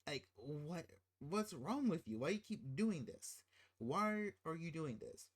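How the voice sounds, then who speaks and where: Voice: mid-range voice, big pitch swings, slow pace. A channel host ranting casually about a film, incredulous and exasperated, rambling with restarts.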